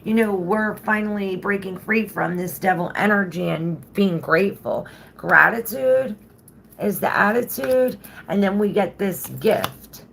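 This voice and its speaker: A woman's voice: medium pitch, measured pace, vocal fry, a bit bright, slight background noise. A woman doing a casual tarot reading, chatty and loose, swearing freely and drawing out her phrases as she reads the cards. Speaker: tarot reader.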